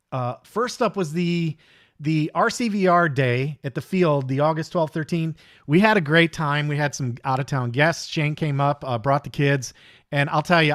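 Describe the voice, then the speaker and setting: A man's voice: medium pitch, no echo, studio quality. A middle-aged man hosting a live hobby stream, chatting casually in a rambling, easygoing way and greeting viewers by name. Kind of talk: casual livestream chat.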